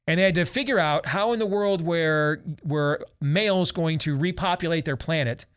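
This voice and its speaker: A man's voice: a little high, moderate pace, a bit bright, smooth. A man in his forties hosting a talk show, ranting sarcastically and theatrically in opinionated commentary. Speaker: host.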